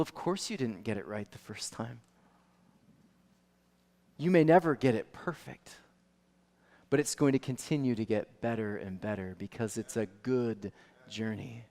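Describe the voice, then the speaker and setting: A male pastor preaching a sermon, animated storytelling that swings from soft to loud. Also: medium pitch. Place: church sanctuary. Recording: long reverb of a church hall.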